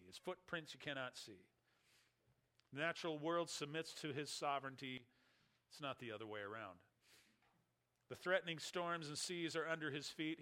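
Bright-voiced man preaching a sermon. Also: a little high. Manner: expressive preaching, rises loud and drops quiet for emphasis; reads scripture aloud slowly and deliberately. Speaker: pastor.

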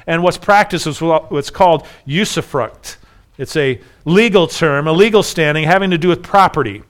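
A man's voice: fairly high pitch, normal speed, a bit bright. A man preaching an earnest expository sermon, acting out the voices in a parable as he explains it. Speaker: pastor.

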